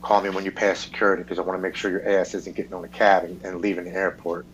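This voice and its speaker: A man's voice: low-pitched, level tone, fast, muffled recording, slight background noise. A man on a podcast candidly telling his personal recovery story, acting out the people he quotes and swearing freely. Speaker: podcast guest.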